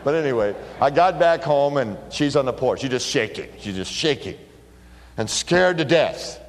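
A middle-aged man preaching a sermon, telling stories with lively bursts of emphasis. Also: medium pitch, normal speed. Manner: animated storytelling, bursts of emphasis. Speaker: pastor. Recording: long hall reverb.

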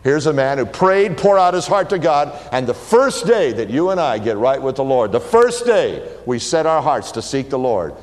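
Male pastor, mid-pitched, lively sermon delivery, recorded in a reverberant hall. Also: moderate pace, hardly any pauses. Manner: expressive preaching, drops to a hushed voice for quoted words.

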